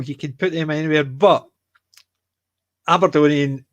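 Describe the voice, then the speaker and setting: Glaswegian guy rambling and cracking jokes, dry close mic, middle pitch. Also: fairly even intonation, moderate pace, no room sound. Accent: Glaswegian Scottish. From Scotland. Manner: rambling, self-correcting, joking. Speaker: podcast co-host. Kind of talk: casual chat.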